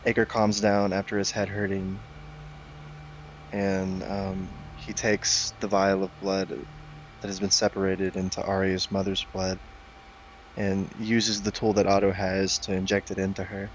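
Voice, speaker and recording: A man playing a tabletop game, describing his character's actions in a halting way. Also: low-pitched, completely flat delivery, highs cut off, a little hiss or hum. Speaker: player.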